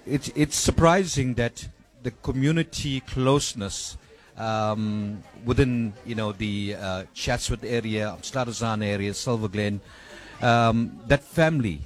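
A man's voice: fairly low pitch, a little slow. A man answering an interview question in a casual, rambling way, filling his sentences with "you know". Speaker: guest.

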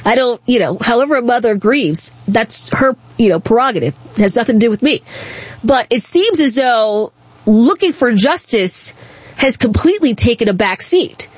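A female talk radio host who talks bluntly and with indignation, breaking off and restarting as she goes. Her voice sits fairly high and comes through a dry, close studio microphone with no room sound. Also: animated, normal speed, slightly rough, no room sound. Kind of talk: opinionated call-in talk.

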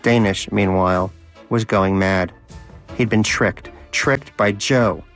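A man narrating a storybook in a wry, measured way. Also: lowish voice, steady tone, a bit bright, soft background music.

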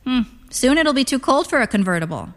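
A woman's voice: high-pitched, very animated, a little fast, fairly bright tone, voice pushed up. Woman putting on a flirty, theatrical single mother. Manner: theatrical and coquettish. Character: flamboyant flirty middle-aged single mother.

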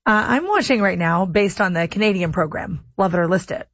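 A woman's voice: fairly low pitch, animated, a little fast. A woman hosting a talk radio show, chatting casually in a wry, opinionated way. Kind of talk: casual on-air chat. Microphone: studio mic, dry. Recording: slightly dull lo-fi broadcast audio.

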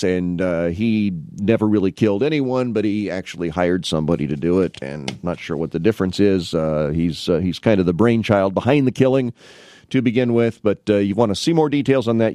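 A man's voice: fairly low pitch, a little mellow, no echo. A man filling in as host on a local radio talk show, chatting casually with rambling restarts and wry asides from a studio mic.

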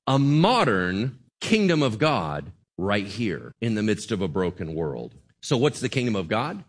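A man preaching a sermon to his congregation, conversational and animated, often checking in with the crowd. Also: medium pitch, measured pace, few pauses. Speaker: pastor.

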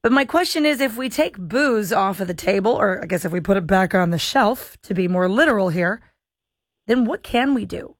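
A woman's voice: mid-range voice, animated, normal speed, no echo, clean studio sound. A woman hosting a talk radio show, chatty and self-deprecating with callers and her co-host.

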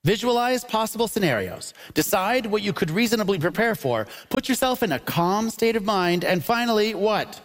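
A man's voice: sits high, expressive, normal speed, few pauses. A man hosting a live comedy panel game, announcing rounds with playful, punchy asides. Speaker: game show host. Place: theatre stage before a live audience. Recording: live show with audience noise.

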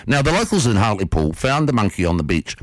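A man on a studio mic spinning a radio yarn. His pitch swings a lot as he tells it, and the sound is close and dry. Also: dry recording. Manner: lively, playful, quick storytelling. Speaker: radio host. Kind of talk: radio storytelling and interview intro. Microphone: studio microphone.

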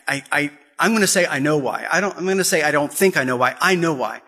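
A man's voice: on the high side, bright, forceful tone, slightly rough. A man giving an impassioned Catholic talk, repeating phrases and pressing urgent questions. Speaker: Catholic speaker.

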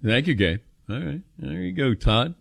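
A man in his fifties hosting a call-in radio show, animated and joking at his own expense. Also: mid-range voice, normal speed, vocal fry, no echo, studio quality. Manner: animated, joking, self-mocking. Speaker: radio host.

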